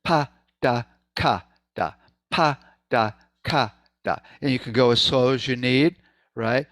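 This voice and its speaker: A man's voice: medium pitch, slow pace, fairly bright tone, dry recording. Man chanting rhythm syllables in a dry room. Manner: demonstrates rhythm syllables and hums aloud; loose and conversational, many "right?" asides. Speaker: presenter at a sound healing meeting. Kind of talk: informal presentation.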